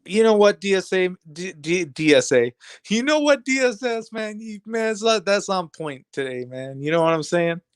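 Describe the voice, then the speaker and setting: A man rambles through casual talk with his live stream audience, full of street slang. His voice sits a little high and sounds smooth and clean. The sound is dry, with no room around it. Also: sing-song, normal speed, dry recording. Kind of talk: casual chat with stream viewers.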